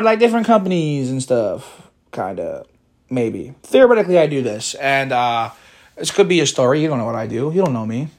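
A man's voice: mid-range voice, sing-song, normal speed. A man rambling profanely through a solo podcast, cracking wry jokes and breaking into rants. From Chicago area. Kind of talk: casual rambling monologue.

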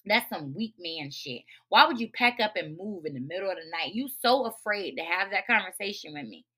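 A woman with speech patterns rants bluntly through a personal story, her voice bright and forceful. She swears freely and swings from low grumbles to loud outbursts. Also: animated, a little fast, slightly rough. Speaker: podcast host. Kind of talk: unfiltered storytime rant.

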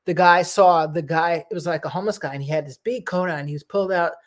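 A middle-aged woman, talking straight to her viewers in a rambling, chatty monologue and slipping into animated voices when she quotes people. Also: fairly low pitch, fast. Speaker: vlogger.

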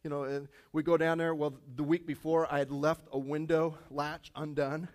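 A man preaches to his church, slipping into a loose, animated story full of "you know" and "I mean". His voice sits a little high for a man. He moves from the tale into plain sermon teaching. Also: moderate pace. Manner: animated storytelling with many fillers. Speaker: pastor. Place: church auditorium.

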